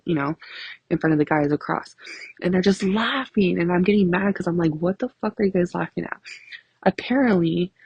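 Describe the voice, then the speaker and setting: Young woman, low husky voice, gravelly, profane rambling storytelling, dry close sound. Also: a little mellow, dry recording, poor audio. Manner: profane, rambling, laughs a lot. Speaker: vlogger. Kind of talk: casual storytelling.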